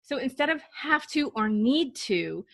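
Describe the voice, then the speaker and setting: Female parenting coach, fairly high voice, dry close sound, earnest and upbeat. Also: animated, unhurried, vocal fry, fairly bright tone, no echo. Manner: earnest, encouraging, acts out example phrases. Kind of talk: instructional talk.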